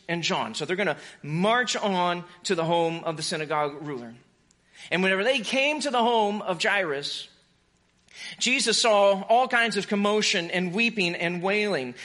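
A man preaching a sermon in a casual, conversational way, rising to urgent exhortation and dropping to soft, hushed tones. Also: high-pitched. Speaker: pastor.

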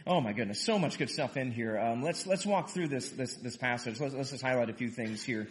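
A man preaching a sermon in an animated way, casually explaining a Bible passage and acting out the quotes. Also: medium pitch, fairly quick. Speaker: pastor.

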